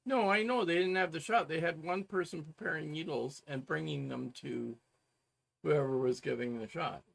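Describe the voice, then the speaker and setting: A man's voice: fairly high pitch, normal speed, vocal fry, a bit bright, low-quality recording. A man co-hosting a casual chat, chiming in and correcting details. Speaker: co-host.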